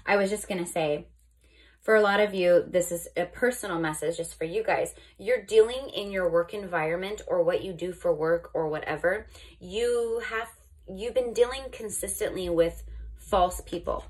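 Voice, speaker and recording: Chatty husky-voiced woman reading tarot. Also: on the low side, moderate pace. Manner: chatty, says "okay?" often, restarts and corrects herself. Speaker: tarot reader. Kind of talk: casual tarot reading to camera.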